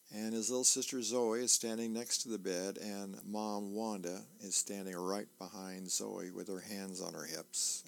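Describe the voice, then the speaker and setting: A man who volunteers reading a newspaper aloud on a reading service, unhurried and plain, with small fillers. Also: on the low side, vocal fry.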